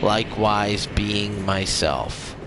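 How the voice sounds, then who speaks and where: A man's voice: on the low side, slow pace. A young man livestreaming a video game, swearing and trash-talking the enemies and chatting with his viewers. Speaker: gaming livestreamer. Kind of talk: profane live gameplay commentary. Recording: game music playing loudly behind. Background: loud game music.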